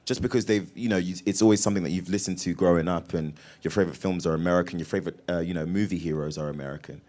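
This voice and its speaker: A young British man, an actor guest, telling stories in a lively, laughing way during an interview. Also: sits low. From Britain. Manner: animated, laughing storyteller with quick restarts. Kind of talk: casual interview chat.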